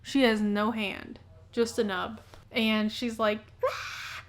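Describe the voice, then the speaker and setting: Brief: young woman book vlogger, chatty and filler-heavy, fairly high voice, slow pace. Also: flat delivery. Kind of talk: casual book summary vlog.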